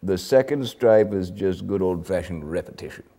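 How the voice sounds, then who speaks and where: A man's voice: deep voice, normal speed, dark tone. A man playing a pompous old British sergeant. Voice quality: pompous, rambling, bluffing. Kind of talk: improvised mock interview.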